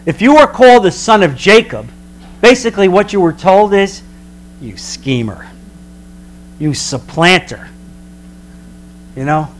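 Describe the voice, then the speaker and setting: A man preaching a sermon as a pastor, emphatic, slowing down for dramatic weight. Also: sits high.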